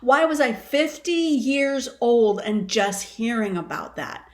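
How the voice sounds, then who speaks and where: Animated fifties woman, wellness coach. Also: fairly high pitch, slow. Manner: animated, expressive storytelling. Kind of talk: casual interview conversation.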